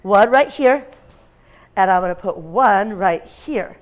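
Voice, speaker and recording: A woman's voice: mid-range voice, lively intonation, slow, lo-fi sound. A woman teacher in a classroom, reading a picture book aloud to young children, asking them questions and making animal sounds. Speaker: kindergarten teacher.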